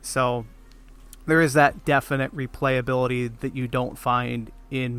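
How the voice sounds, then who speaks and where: A man's voice: mid-range voice, fairly even intonation, unhurried, fairly bright tone, clean tone. A man guesting on a gaming podcast, talking casually with many ums and a wry edge.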